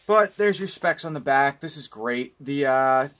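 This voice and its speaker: A man's voice: medium pitch, expressive, a little slow, fairly bright tone. Rambling, profane man reviewing discs. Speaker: home video collector vlogger. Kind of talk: casual unboxing review.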